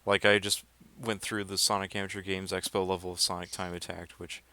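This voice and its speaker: A man with a low voice talks in a laid-back, rambling way full of fillers while playing games on a livestream. His voice sounds dry and close, with no room around it. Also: completely flat delivery, fairly quick, few pauses, sharp tone, no room sound. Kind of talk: casual livestream chat.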